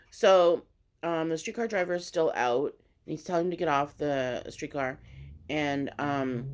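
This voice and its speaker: A woman vlogger telling a story in casual mukbang chat, animated and swearing freely. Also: sits low.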